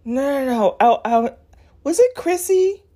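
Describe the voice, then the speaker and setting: A woman's voice: high-pitched, animated, unhurried, warm tone. A woman hosting a casual solo podcast, talking candidly and bluntly in a rambling way, with many filler words. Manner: blunt and sassy. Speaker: podcast host.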